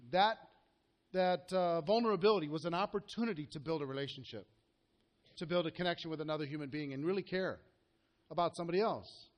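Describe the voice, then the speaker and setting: A man with a high voice gives a live coaching talk to a group. He speaks earnestly and directly and keeps checking in with the room through questions. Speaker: network marketing coach.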